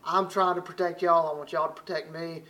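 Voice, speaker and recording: High-voiced Southern preacher from Alabama. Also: male voice, level tone, brisk, sharp tone. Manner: folksy, conversational preaching with frequent restarts. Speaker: visiting preacher. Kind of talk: sermon.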